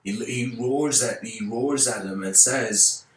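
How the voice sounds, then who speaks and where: A man's voice: medium pitch, slow. A man who is a spiritual teacher, answering viewer questions in a casual, rambling way with many restarts. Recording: roomy, distant mic.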